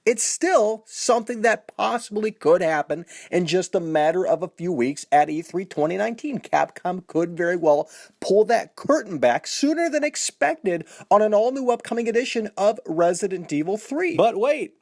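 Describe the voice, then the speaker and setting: Game-news host, male, slightly high voice, very lively delivery, close dry sound, chatty "folks" patter. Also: normal speed, vocal fry, dry recording. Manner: animated, addresses viewers as folks; repeats "you know what I mean". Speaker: gaming news channel host. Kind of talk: casual video commentary.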